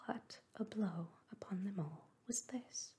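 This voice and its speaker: A woman narrating a classic novel softly in a whispered role-play reading. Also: medium pitch, takes it slowly, husky. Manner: soft-spoken, whispered.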